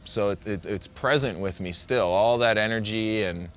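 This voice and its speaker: A man with a bright, forceful voice tells his story in a loose, rambling way. He leans on "like" and often restarts his sentences. Soft music sits faintly underneath. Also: on the low side, normal speed. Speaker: big-wave surfer. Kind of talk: casual personal storytelling.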